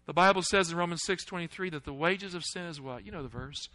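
A man preaching a sermon, asking the congregation questions and swinging between loud, urgent lines and hushed ones. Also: sits high, quick pace, low-quality recording. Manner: asks the audience questions.

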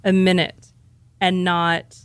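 A woman co-hosting a podcast segment chats casually in a lowish, monotone, slightly bright voice, taking it slowly. She's candid, rambling and self-deprecating about her own habits. The sound is smooth, studio-clean with no echo.

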